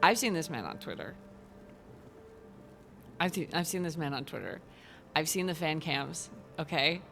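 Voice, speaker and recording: A woman gaming streamer giving casual let's-play commentary, excitable and gushing, laughing often. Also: sits low, normal speed, vocal fry. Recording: game music behind.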